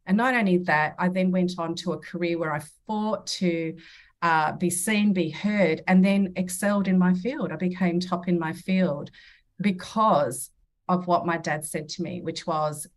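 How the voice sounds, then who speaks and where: A woman's voice: on the low side, fairly even intonation, a little slow. A woman in her fifties, a podcast guest, telling personal stories in an earnest, reflective way. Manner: earnest, reflective, acts out quoted dialogue. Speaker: podcast guest, medium and mentor. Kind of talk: personal storytelling in a podcast interview.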